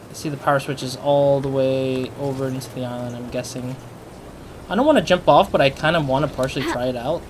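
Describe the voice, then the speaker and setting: A man's voice: mid-range voice, a little hiss or hum. Chatty man playing a video game. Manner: chatty, thinking aloud, quick laughs. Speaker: let's player. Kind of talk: casual gaming commentary.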